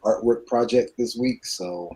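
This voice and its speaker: A man's voice: medium pitch, unhurried, crowd noise, rough recording. A man chatting casually on a livestream, easygoing and a bit hesitant. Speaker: panelist.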